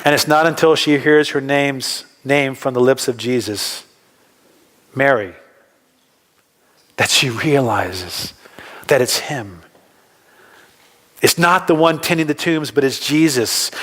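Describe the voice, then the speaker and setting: Male pastor preaching, kinda higher voice, chatty with questions, long church reverb. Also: fairly bright tone. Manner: conversational, asks the congregation questions. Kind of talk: sermon. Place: church hall.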